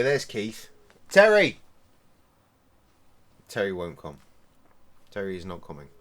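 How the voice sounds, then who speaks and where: Deep-voiced, sweary streamer. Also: male voice, a bit bright. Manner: chatty, sweary, joking. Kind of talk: casual live-stream commentary.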